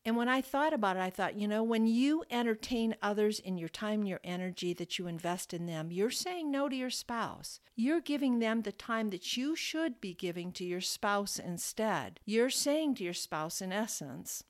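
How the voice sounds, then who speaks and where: A woman's voice: mid-range voice, animated, normal speed, few pauses. Earnest, passionate woman podcast host. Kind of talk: scripted podcast reading.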